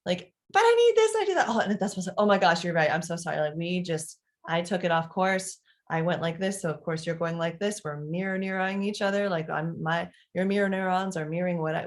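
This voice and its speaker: A middle-aged woman coaches parents in a casual live talk, her voice sitting a little low. She talks in an animated way with fillers and restarts. She acts out quoted moments as she goes.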